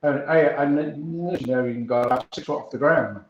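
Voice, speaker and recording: A man's voice: fairly high pitch, a little fast. Laughing man on a roomy, hissy line. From Wales. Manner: chatty, laughs often, British slang. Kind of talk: casual chat. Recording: roomy, dull, faint hiss.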